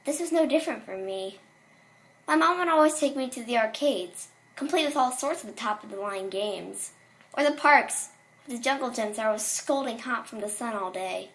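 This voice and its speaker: A woman's voice: fairly high pitch, fairly bright tone. A woman reading a horror story aloud in a casual way, with small slips and restarts.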